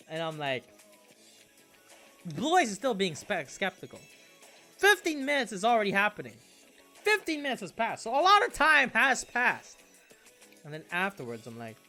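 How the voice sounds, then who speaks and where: A man's voice: sits high, huge pitch swings, moderate pace, pauses often, sharp tone, faint music behind. A young man casually telling a story, swearing a lot and restarting his sentences. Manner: swearing freely, rambling with restarts.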